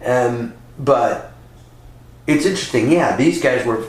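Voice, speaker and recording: A man from California speaks as a podcast guest in a relaxed, conversational way. He tells stories with energy and keeps breaking into little character voices. His voice rings in an echoey room. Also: mid-range voice, takes it slowly. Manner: animated storyteller who slips into voices. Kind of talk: casual chat.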